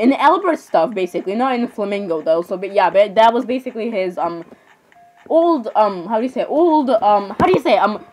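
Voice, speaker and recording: A teenage girl talking fast and loose on her vlog, her voice sitting a bit high. She rambles dramatically, restarting and apologising over and over. Faint music plays behind her. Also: a little mellow, rough recording. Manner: fillers, restarts and repeated apologies, chatty and dramatic. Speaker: vlogger. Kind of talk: casual rambling chat.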